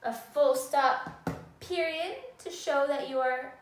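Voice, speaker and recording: In a high, slow voice, a woman patiently teaches young children how to write sentences, speaking in a sing-song way. This classroom lesson was recorded from a distance in an echoey room.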